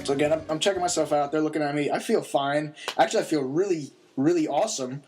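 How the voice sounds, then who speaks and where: A man's voice: a little high, fast talker, music in the background. A young man casually telling a long story on a podcast, laid-back and rambling, with many fillers and chuckles.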